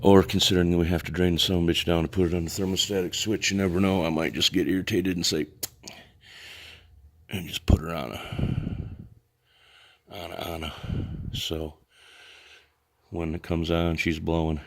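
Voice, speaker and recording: Low voiced guy talking shop in his garage, easygoing and rambly, little cussing here and there. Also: level tone, moderate pace, pauses often. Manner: laid-back, drawling, folksy with mild cursing. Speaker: garage mechanic vlogger. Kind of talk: casual rambling shop talk. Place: indoor workshop garage.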